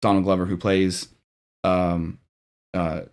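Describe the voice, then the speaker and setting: Low-voiced man in rambling chat. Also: slow, smooth. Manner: relaxed, rambling with many fillers and restarts. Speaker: channel host. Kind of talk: casual movie discussion.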